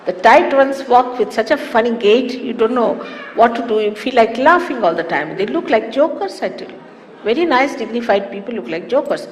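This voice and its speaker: A woman giving a spiritual talk to followers, animated and teasing with amused asides. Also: fairly high pitch, moderate pace. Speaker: spiritual teacher. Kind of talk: sermon-style spiritual talk. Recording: echoey hall with faint hiss, archive 1989 tape.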